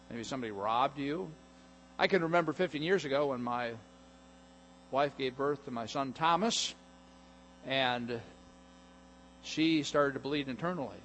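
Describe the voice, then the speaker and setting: A middle-aged man preaching a sermon as pastor, animated and jokey, sometimes acting out voices. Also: mid-range voice, slight background noise. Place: church sanctuary.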